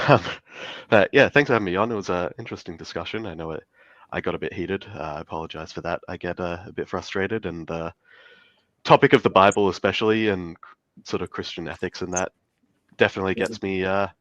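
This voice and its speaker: A man with a sick, nasal voice speaking in a halting way as a debate guest, with many fillers. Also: sits low, a bit bright, no echo. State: sick, stuffy. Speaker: debate participant. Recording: dull, dry lo-fi mic.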